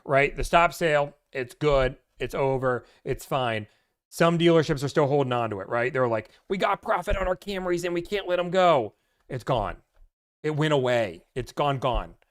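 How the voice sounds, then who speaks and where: A man giving car-buying advice on a live stream, chatty and animated, cracking jokes as he talks. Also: medium pitch. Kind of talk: casual live-stream talk.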